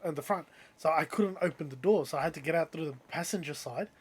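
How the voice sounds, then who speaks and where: A young Australian man telling a story in casual podcast chat, animated and full of "like" and "um", acting out the people he talks about. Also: fairly high pitch, slightly rough. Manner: animated, quick to act out the people in his story, many "like"s and "um"s. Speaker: podcast co-host.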